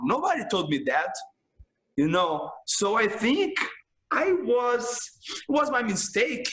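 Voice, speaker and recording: A man's voice: high voice, very animated, a little slow, a bit bright. A man from Brazil with a Brazilian Portuguese accent, a jiu-jitsu instructor telling stories in casual, broken English full of restarts and emphatic "man". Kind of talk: casual storytelling chat. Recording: roomy echo.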